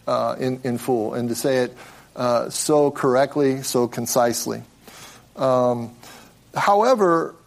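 A man at a middle pitch leads a casual Bible study lesson. He explains in an easy, conversational manner. His thoughts often double back and restart mid-sentence as he works through each point. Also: a little mellow. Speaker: Bible teacher.

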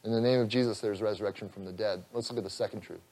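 A man preaching an expository sermon, earnest, rising loud on scripture and dropping soft, with an occasional chuckle. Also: lowish voice, steady tone, rapid-fire. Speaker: pastor.

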